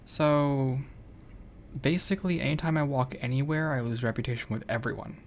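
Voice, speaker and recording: A man's voice: mid-range voice, moderate pace, slight background noise. A man streaming a game, chatting casually in a rambling, self-correcting way. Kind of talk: casual gameplay chat.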